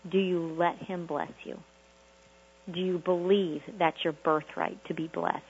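A woman's voice: fairly low pitch, steady tone, a little slow, muffled recording, slight background noise. A woman preaching a motivational sermon to a group call, emphatic and repetitive, full of rhetorical questions. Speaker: prosperity preacher.

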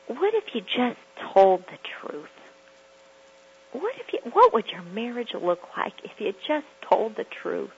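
A woman's voice: on the high side, sing-song, unhurried, slightly rough, muffled recording. A woman hosting a self-help radio talk, speaking emphatically and repeating phrases for effect. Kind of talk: motivational talk.

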